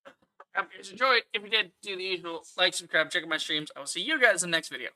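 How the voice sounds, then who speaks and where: A man's voice: high voice, fast talker, sharp tone. A man streaming a game and chatting casually, laid-back, laughing and swearing as he reacts. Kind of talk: casual gaming reaction chat.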